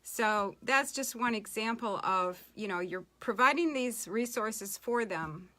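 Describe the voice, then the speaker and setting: Middle-aged woman, team-leader trainer, casual and plainspoken, bright tone. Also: on the high side, animated, a little slow. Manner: chatty, plainspoken, with frequent ums and asides. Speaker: network marketing team leader. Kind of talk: casual business training talk.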